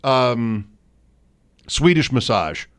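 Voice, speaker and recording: A man's voice: medium pitch, animated, very slow. Man talking fantasy football, thinking aloud. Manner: thinks aloud, rattles off names. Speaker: co-host. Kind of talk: casual fantasy football chat.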